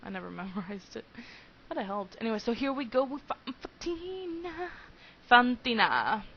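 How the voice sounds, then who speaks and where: A woman's voice: medium pitch, quick pace, gravelly, lo-fi sound. A young woman in her twenties narrating a video game playthrough in casual, rambling commentary, giggly and hyper. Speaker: let's play host.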